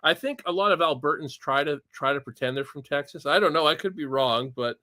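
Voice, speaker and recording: A man's voice: a little high, fairly quick, bright, forceful tone, no room sound. Rambling, chuckling Canadian man host. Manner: rambling, chuckling, many restarts. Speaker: podcast host. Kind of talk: casual livestream chat.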